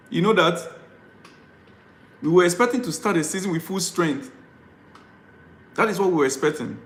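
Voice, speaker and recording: Male fan vlogger, high-pitched, ranting live and pleading over and over, recorded in an echoey room. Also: a bit bright. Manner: exasperated, repetitive pleading. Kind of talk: live-stream rant.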